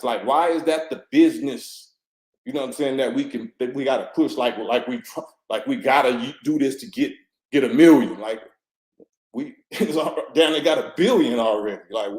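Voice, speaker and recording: Man, interview guest, fervent and preachy, street slang, repeats himself, mid-pitched voice, roomy echo. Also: normal speed. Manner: preachy and fervent, with street slang and many 'you know what I'm saying'; repeats himself and restarts often. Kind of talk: impassioned conversational monologue.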